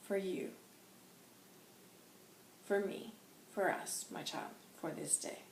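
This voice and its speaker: Woman channelling a wise old male spirit guide, formal old-fashioned speech, hushed and slow, echoey room with faint ambience. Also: medium pitch, gravelly, a little hiss or hum. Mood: solemn. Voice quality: formal, archaic phrasing.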